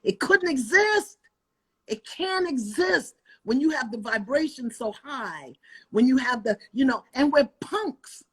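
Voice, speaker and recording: An older woman, speaking with fiery, emphatic conviction on a live video call, swinging between loud outbursts and low asides. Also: animated, a little slow, slightly rough. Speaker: guest author and life coach. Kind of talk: impassioned preaching-style talk on a live video call. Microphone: phone on a live video call.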